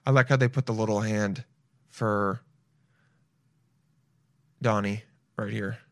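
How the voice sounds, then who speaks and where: A man's voice: fairly low pitch, fairly even intonation, slow pace, a bit bright, dry recording. A young man streaming and reacting to videos in loose, swearing, self-mocking casual talk.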